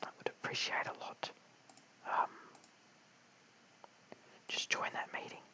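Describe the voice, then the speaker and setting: An Australian man giving whispered cricket commentary late at night at home, mic held very close, hushed and apologetic as he chats with viewers. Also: slow, lo-fi sound. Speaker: live stream cricket commentator. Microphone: held very close to the mouth.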